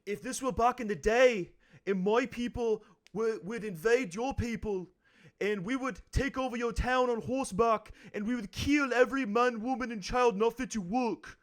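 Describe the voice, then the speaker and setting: A man's voice: very high voice, moderate pace, pitched above the performer's own voice. A man doing an impression of a cocky Irish fighter, with a put-on Irish accent that drifts toward British. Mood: menacing. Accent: put-on Irish slipping toward British. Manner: boastful, threatening swagger.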